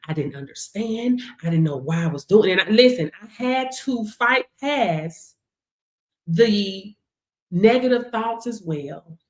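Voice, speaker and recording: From home, a woman hosts a live stream with a motivational faith talk, animated and preachy, laughing often and calling her listeners "baby." Her mid-range voice is unhurried, the room echoes, and she's picked up by her device's camera mic.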